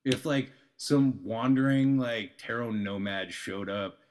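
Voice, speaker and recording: A man's voice: medium pitch, takes it slowly. A man chatting as a podcast guest, telling stories with many fillers and acting out the people he met. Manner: filler-heavy, animated, acts out people he talks about. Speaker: podcast guest, tarot reader. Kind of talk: casual storytelling chat.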